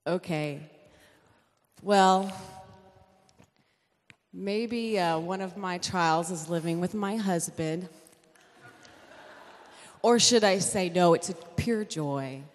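A woman's voice: on the low side, slow, long pauses. A middle-aged woman giving a chatty church testimony, correcting herself often as she tells her story. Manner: chatty, self-correcting storyteller with light laughs. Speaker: pastor's wife giving a testimony. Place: church hall. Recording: long church-hall reverb.

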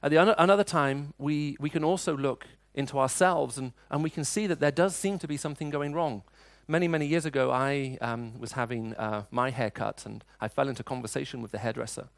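A man's voice: mid-range voice, brisk, creaky, hardly any pauses, no room sound. Middle-aged male preacher, chatty storytelling delivery, dry recording. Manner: storytelling, conversational, frequent restarts. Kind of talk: sermon with personal stories.

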